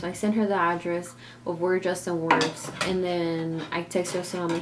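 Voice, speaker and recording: A woman's voice: on the low side, flat delivery, normal speed, background noise. A young woman vlogger telling a family story in casual, rambling talk full of fillers.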